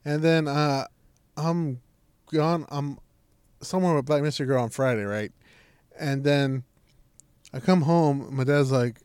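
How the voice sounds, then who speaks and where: A young man casually telling a long, profane, animated story, full of "I'm like" and "she's like". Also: on the high side, unhurried, long pauses, clear, resonant tone, dry recording. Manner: rambling, profane, animated retelling with lots of "I'm like". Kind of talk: casual chat.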